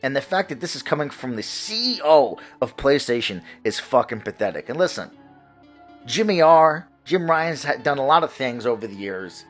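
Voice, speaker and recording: A man's voice: medium pitch, sing-song, normal speed, fairly bright tone, soft background music. A man hosting a gaming vlog, ranting in a profane, heated and mocking way. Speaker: gaming channel host.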